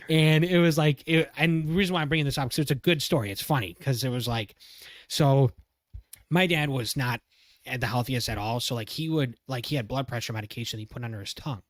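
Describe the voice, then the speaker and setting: A young man co-hosting a podcast, telling a story in a casual, animated way, swearing often and laughing as he goes. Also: mid-range voice, fairly quick, no echo, clean studio sound. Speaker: podcast co-host.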